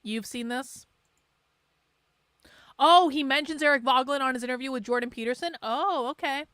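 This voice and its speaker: A woman hosts a livestream, playing a video for viewers and commenting on it casually and sarcastically, interrupting and laughing as she goes. Her high voice is a bit bright, clear and resonant, with a moderate pace and no echo.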